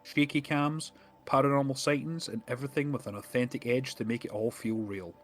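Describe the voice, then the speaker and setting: A man's voice: medium pitch, fairly even intonation, a little fast, soft background music. A man co-hosting a casual podcast, chatting loosely with frequent laughs and fillers. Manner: laughs often, many fillers. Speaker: podcast co-host.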